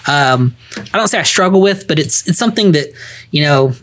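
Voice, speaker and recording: Man, podcast co-host, animated and easily laughing, walks through points in order. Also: on the high side, brisk. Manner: animated, laughs often, reviews points one by one. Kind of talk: casual podcast chat.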